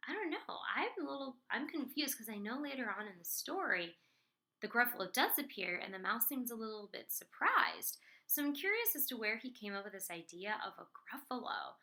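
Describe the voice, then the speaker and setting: A young woman teaching first grade, explaining a reading lesson in a clear, encouraging way. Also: a little high, big pitch swings, moderate pace, sharp tone.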